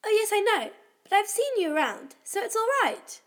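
A man's voice: very high-pitched, very animated, normal speed, fairly bright tone, pitched above the performer's own voice, heavily acted. A male narrator voicing a sweet-seeming but secretly sinister little girl, chirpy and sing-song. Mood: innocent.

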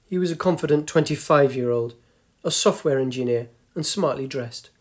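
A man narrating a story in a measured, gently descriptive way. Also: mid-range voice. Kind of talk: scripted narration.

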